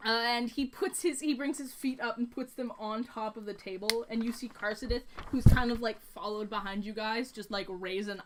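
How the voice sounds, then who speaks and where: A woman's voice: fairly high pitch, fairly even intonation, moderate pace, hardly any pauses, background noise. A woman narrating a tabletop game as game master, casual and rambling with many fillers.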